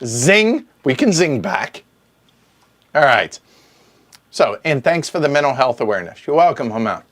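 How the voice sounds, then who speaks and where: A man's voice: medium pitch, expressive, normal speed, a bit bright. A man hosting a livestream Q&A, reading viewer questions from the chat aloud and answering them with joking asides. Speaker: board game show host. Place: home streaming room.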